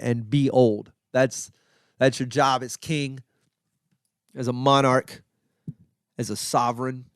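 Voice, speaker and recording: A man hosting a comedy podcast, riffing sarcastically in a rambling, profane monologue full of restarts and sudden high exclaims. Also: no echo, clean studio sound. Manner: jumps into high exclaims for emphasis. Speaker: podcast host.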